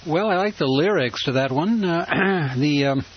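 A man's voice: on the high side, lively intonation, unhurried, lo-fi sound, loud music behind the voice. A man hosting a talk radio show, speaking hesitantly with many fillers, on hissy radio audio. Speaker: radio host.

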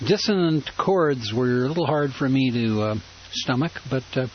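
A man's voice: mid-range voice, expressive, moderate pace, muffled recording. A man hosting a talk radio show, speaking hesitantly with many fillers, on hissy radio audio. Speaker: radio host.

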